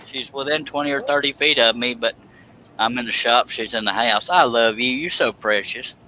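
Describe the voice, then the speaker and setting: A man's voice: medium pitch, normal speed, sharp tone, slight background noise, low-quality recording. A man hosting a live stream from his workshop, joking and affectionate in casual chat.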